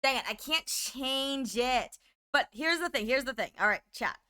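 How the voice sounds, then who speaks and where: A young adult woman streaming live, chatting casually with her chat and squealing in excitement when surprised. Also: high-pitched, moderate pace, smooth.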